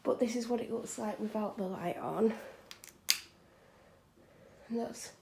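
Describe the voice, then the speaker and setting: A woman chatting frankly in a home vlog from a room she is decorating, sometimes dropping into soft whispered asides. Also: fairly high pitch, a little fast, creaky, a little hiss or hum. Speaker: vlogger. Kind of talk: casual home vlog chat.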